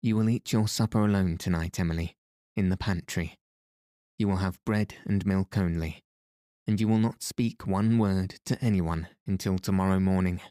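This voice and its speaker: A man reading a stern, proud aunt's lines in a cold, commanding tone, close to his own deep voice. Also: fairly even intonation, normal speed, warm tone, no room sound, natural voice. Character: stern proud middle-aged aunt, a woman.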